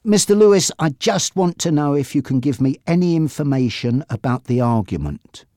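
Man doing an earnest young man, higher-pitched. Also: lively intonation, moderate pace, dark tone, no echo, clean studio sound, lightly acted. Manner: earnest, pleading. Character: earnest young man seeking truth about father.

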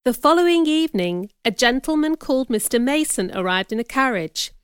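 A woman narrating a novel as an audiobook, measured and clear. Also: high-pitched, animated, no echo. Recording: dry, close studio recording.

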